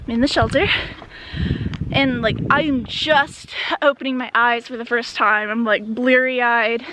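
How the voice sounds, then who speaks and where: Young woman, high voice, casual trail vlog, chatty with fillers, outdoor noise behind. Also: fairly even intonation, measured pace. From Wisconsin, USA. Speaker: hiker vlogger.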